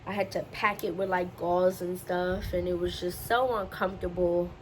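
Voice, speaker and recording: A woman's voice: lowish voice, steady tone, normal speed, a little hiss or hum, rough recording. A young woman vlogger telling a personal story in a casual, emotional way, often repeating herself as she recounts it. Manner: emotional, repetitive retelling.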